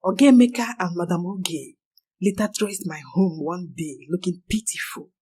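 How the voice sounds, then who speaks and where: Husky woman telling her life story, somber and slow, lowish voice. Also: lively intonation, warm tone, rough recording. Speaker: narrator. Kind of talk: first-person story narration.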